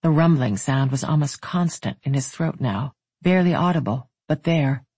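A narrator reading a romance audiobook in an even, intimate way. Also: mid-range voice, normal speed, slightly rough, no echo.

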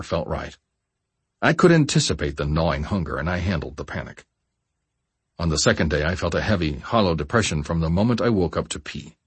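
A man narrating a first-person memoir audiobook in a measured, steady way. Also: low voice, slightly rough, dry recording.

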